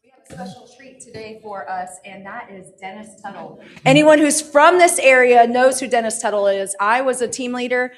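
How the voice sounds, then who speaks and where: A woman's voice: a little high, normal speed, slight background noise. A woman emceeing a conference, introducing the next speaker to the stage in a welcoming, upbeat way. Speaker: event emcee.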